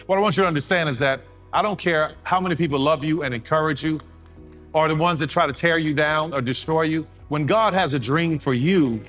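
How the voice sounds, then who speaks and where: A man's voice: fairly high pitch, a little fast, a bit bright, faint music behind. Man giving an emphatic motivational speech. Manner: emphatic, repeats key words for effect; storytelling, sermon-like delivery. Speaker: motivational speaker.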